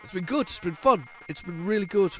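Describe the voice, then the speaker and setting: A man's voice: sits high, lively intonation, a little fast, soft background music. A congested man hosting a retro gaming show, giving rambling, chatty commentary with lots of restarts and repeated words. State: congested, stuffy nose. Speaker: retro gaming channel host. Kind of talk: casual gameplay commentary.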